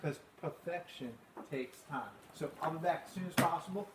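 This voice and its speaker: A teacher doing a folksy diner cook who brags about his cooking and drawls his lines, pitched a little higher and louder than usual. The voice sounds roomy and far off, with steady noise around it. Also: normal speed, lightly acted. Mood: boastful. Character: folksy diner cook and waiter man, boastful. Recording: roomy, distant, noisy outdoor classroom.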